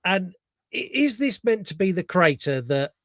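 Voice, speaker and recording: A man's voice: sits high, very animated, moderate pace, fairly bright tone, no room sound. A middle-aged British man, co-hosting a podcast, chatting casually and retelling film scenes with animation. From Britain. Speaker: podcast co-host. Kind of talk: casual chat.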